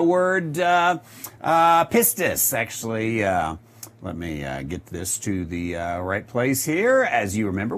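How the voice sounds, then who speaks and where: A male Bible teacher works through scripture verse by verse at an unhurried pace. His voice moves up and down a lot, and he stops often to reach for the next word. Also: medium pitch. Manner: unhurried, with many filler pauses; reads scripture aloud and explains it.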